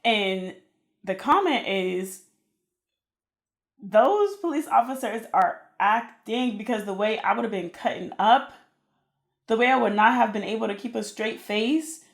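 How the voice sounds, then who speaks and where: A woman co-hosting a podcast in casual chat, reacting in a relaxed way and reading comments aloud. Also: on the high side, a little slow. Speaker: podcast co-host.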